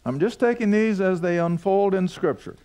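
A man's voice: sits high, animated, normal speed, warm tone. An older man teaching a Bible study to a seated class, reading verses aloud and putting folksy questions to the listeners. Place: room with a studio audience.

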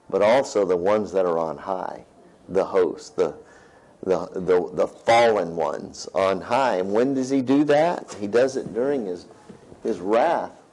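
A man's voice: fairly low pitch, mellow, slightly rough, rough recording. A man preaching a sermon, reading scripture aloud and checking in with his listeners in a conversational way. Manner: conversational, reads scripture aloud and asks "right?". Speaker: pastor.

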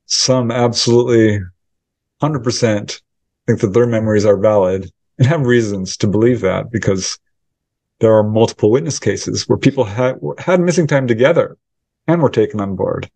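A man's voice: fairly low pitch, normal speed, creaky, a little mellow, dry recording. A man who researches UFOs, answering interview questions by telling a story and acting out the quoted dialogue in it. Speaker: UFO researcher and author.

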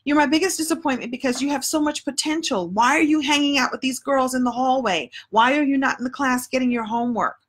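A woman's voice: high voice, voice pushed up. Strict Guyanese schoolteacher woman, blunt and emphatic, put on by a woman. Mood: earnest. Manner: blunt, scolding, slow and emphatic.

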